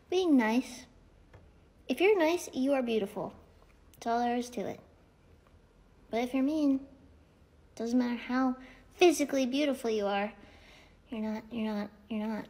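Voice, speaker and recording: A young woman with a very high, small-sounding voice talking candidly and casually to her phone camera, ranting and poking fun at herself. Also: darkish tone. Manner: candid, ranting, self-mocking. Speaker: comedy creator.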